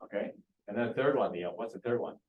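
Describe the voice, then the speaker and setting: A man's voice: on the low side, fast talker, narrow, tinny audio. A man leading a real estate training class, quizzing students and coaxing answers. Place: training room.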